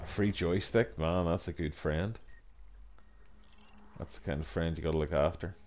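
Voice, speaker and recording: A middle-aged Northern Irish man streaming a game, chatting casually with viewers, chatty and quick to apologise with a self-mocking humour, talking into a headset. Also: sits low, a little mellow, slight background noise. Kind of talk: casual chat with viewers while playing. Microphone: gaming headset.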